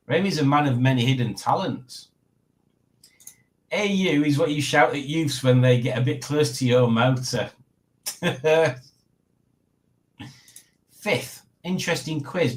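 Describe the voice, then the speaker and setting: A man's voice: medium pitch, rough recording. Chatty man hosting a livestream. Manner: chatty, reads out viewer comments, laughs often. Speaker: livestream host. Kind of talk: casual live-stream chat.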